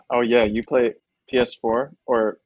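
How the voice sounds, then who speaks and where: A man's voice: medium pitch, little pitch movement, slow, husky, dry recording, highs cut off. A man, a comedian guest, telling a story in casual chat and acting out other people's lines.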